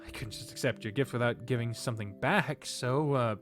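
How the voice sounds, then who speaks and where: A man's voice: mid-range voice, a little fast, a bit bright, faint music behind, natural voice. A man voicing a shy, earnest young son who stammers. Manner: hesitant, stammering.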